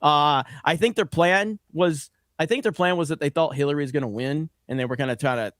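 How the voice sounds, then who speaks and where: A man's voice: on the high side, a little fast, fairly bright tone, no room sound, clean studio sound. A man hosting a casual podcast chat, blunt and rambling, with a profane, opinionated way of talking.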